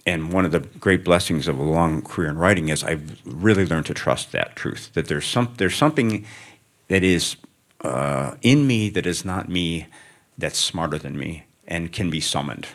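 A man's voice: sits low, expressive, normal speed. A man, a writer, answering questions onstage before a student audience, reflective and wandering, with wry asides. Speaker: writer, guest of an onstage interview.

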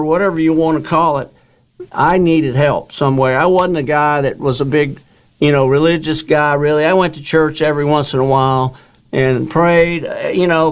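Earnest middle-aged man, smooth voice. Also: on the high side. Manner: rambling, earnest, repeats words and quotes others. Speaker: guest telling his story. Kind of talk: casual storytelling interview.

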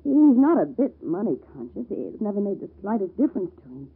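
An actress playing an anxious young wife in an old-time radio drama, speaking in a halting, nervous way. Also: female voice, mid-range voice, very animated, breathy edge, exaggerated voice. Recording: lo-fi vintage radio recording.

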